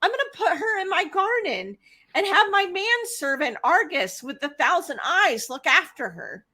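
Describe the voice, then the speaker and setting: A woman's voice: extremely high pitch, big pitch swings, moderate pace, sharp tone, pitched above the performer's own voice, exaggerated voice. A woman voicing a jealous queen goddess who plays along in a sugary, mock-sweet way.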